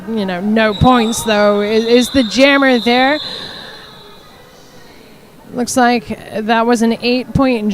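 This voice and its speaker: A woman calling the action of a roller derby game play by play, her voice pitched a little high. She is brisk and wry between plays. Clear background noise runs under the feed. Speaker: commentator. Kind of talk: sports play-by-play commentary.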